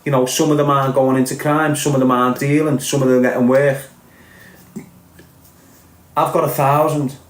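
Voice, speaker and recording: A man's voice: mid-range voice, roomy sound. A man with a Liverpool accent delivering a blunt, sweary, impassioned podcast rant. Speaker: podcast host. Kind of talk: ranting podcast monologue.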